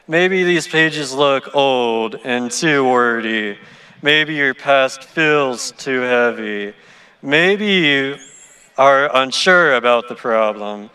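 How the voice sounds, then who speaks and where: A young man reads a prepared speech slowly at an outdoor stadium, his voice bright and very crisp. His phrasing is gentle and encouraging, almost poetic. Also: medium pitch. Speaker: student speaker.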